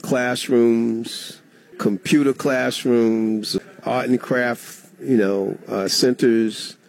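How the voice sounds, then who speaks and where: A man's voice: medium pitch, drawn-out words, gravelly. A middle-aged man, a former state legislator, telling a story as a guest in a radio interview. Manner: animated storyteller, acts out quoted dialogue.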